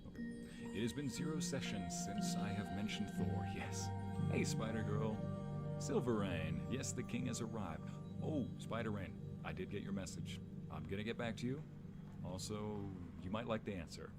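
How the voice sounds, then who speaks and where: A man streaming live, chatting casually, greeting viewers by name and laughing easily, speaking into a desk microphone at home. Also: low-pitched. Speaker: streamer and narrator. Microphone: desk microphone at home streaming setup.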